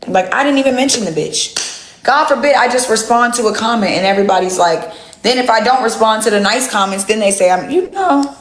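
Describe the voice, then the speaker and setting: A woman's voice: on the high side, fairly quick, reverberant, slight background noise. A woman chatting casually on a livestream from home, brash and profane, teasing and trash-talking. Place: at home indoors. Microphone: phone livestream.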